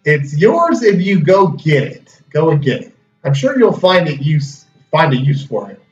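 A man's voice: fairly high pitch, very animated, a little slow. A man voicing a friendly old-west townsman with a put-on Southern drawl, reading game dialogue. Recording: roomy, distant, dull, faint music.

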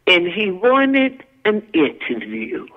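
Slow, gravelly older woman storyteller. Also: fairly low pitch, sing-song, phone-quality sound. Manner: folksy, country-spoken storyteller. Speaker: guest actress and singer. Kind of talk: casual storytelling interview.

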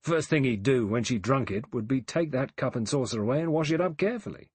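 A man's voice: mid-range voice, expressive, brisk, darkish tone, dry recording. A man doing a coarse, scornful ex-cop. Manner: scornful, matter-of-fact, rough grammar. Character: blunt cynical male ex-policeman, coarse-spoken.

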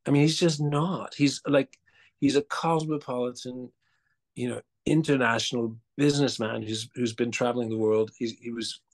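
Male guest, gravelly, mid-pitched, mixed part-Australian accent, animated and stammering. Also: moderate pace. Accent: mixed, partly Australian. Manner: animated, stammering restarts, laughs and mimics voices. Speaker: actor and guest. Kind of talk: casual interview chat.

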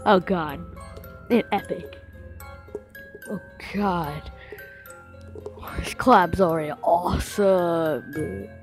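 Sick girl coughing a bit, slow easy talk, lots of excited oh gods, faint music behind. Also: fairly low pitch. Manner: excitable, exclaims often. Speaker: reaction video host. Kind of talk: casual reaction commentary.

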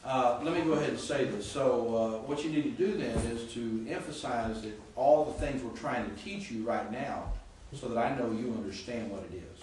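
A man's voice: medium pitch, moderate pace, hardly any pauses, darkish tone. A man teaching a Greek class, explaining with frequent restarts and checking that students follow. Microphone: far camera. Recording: echoey classroom from far off with faint noise.

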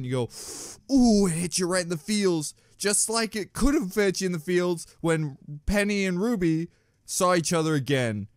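A man's voice: fairly high pitch, smooth, no room sound, clean studio sound. A man hosting a reaction video in casual commentary, joking crudely and often laughing at his own jokes. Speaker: reaction channel host.

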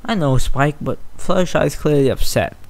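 A man's voice: fairly high pitch, animated, moderate pace, a little mellow. A man doing a worried unicorn mare. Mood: soothing. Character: worried young female unicorn, bookish and caring.

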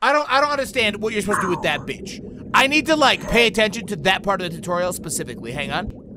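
A young man hosting a let's play, reacting to the game with excitable, profane shouting. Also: high voice, quick pace. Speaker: gaming video host. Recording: game music behind.

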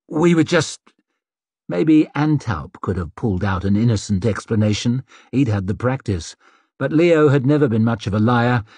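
A man narrating an audiobook in a measured storytelling manner, voice slightly husky. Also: mid-range voice, a little mellow, dry recording. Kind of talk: scripted narration.

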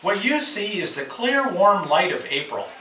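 A man reading aloud and voicing an eager, cheerful male frog from a children's storybook, calling out brightly. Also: high voice, sing-song, normal speed, voice pushed up, full character voice. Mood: coaxing. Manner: calls out brightly and urgently. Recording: echoey room, far mic, loud party noise.

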